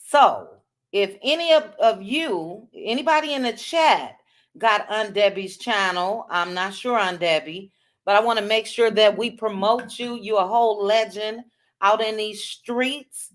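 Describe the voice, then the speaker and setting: A woman hosting a livestream, greeting viewers by name in a casual chat with drawn-out, chatty greetings. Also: medium pitch. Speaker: livestream host.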